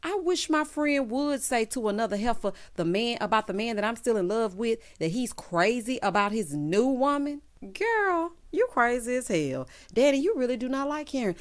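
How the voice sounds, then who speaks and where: A woman's voice: on the high side, sing-song, moderate pace, few pauses. Sassy woman recapping a TV show. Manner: sassy, talks straight to viewers, acts out quotes. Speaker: TV recap host. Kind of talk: casual show recap and commentary.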